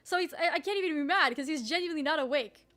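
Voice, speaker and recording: A young woman streamer telling a story in casual chat, animated, swearing freely and leaning on "like" a lot. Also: high-pitched, fast. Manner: animated, swears freely, heavy use of "like", laughs often.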